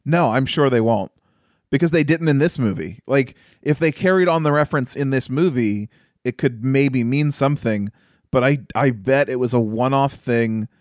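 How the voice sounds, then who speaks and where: A man's voice: mid-range voice, normal speed, dry recording. Chatty man with dry, close sound. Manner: chatty, laughs often, incredulous. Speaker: podcast co-host reviewing a film. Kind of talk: casual review chat.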